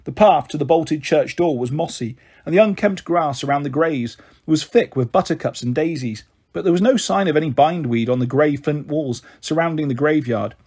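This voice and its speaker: A man reading a children's novel aloud as a storyteller, gentle and shifting his voice for each character. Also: moderate pace, few pauses, breathy edge. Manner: gentle, voices the characters with raised and lowered pitch. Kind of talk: audiobook narration of a children's novel.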